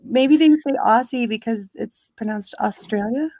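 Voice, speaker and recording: A woman's voice: a little high, moderate pace, darkish tone, no echo. A woman co-hosting a charity stream in casual chat, wry and playful. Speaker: co-host.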